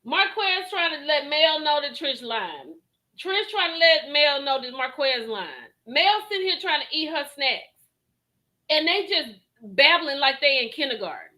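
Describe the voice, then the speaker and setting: On a low-quality recording, a woman with a high voice hosts a reaction video about a reality show. She comments animatedly at an unhurried pace, laughing and addressing her viewers directly.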